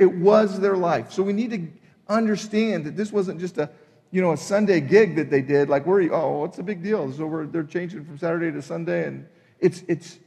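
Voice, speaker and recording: A man preaching a sermon, emphatic and animated, acting out the people in his retelling. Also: sits high, big-room sound. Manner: emphatic, acts out voices in retelling. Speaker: pastor.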